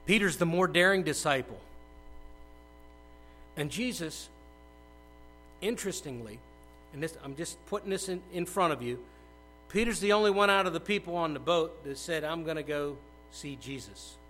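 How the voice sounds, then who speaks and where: A middle-aged male pastor preaching a conversational sermon, dropping to hushed asides and bursting into loud acted quotes. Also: fairly high pitch, normal speed, long pauses, slight background noise, poor audio.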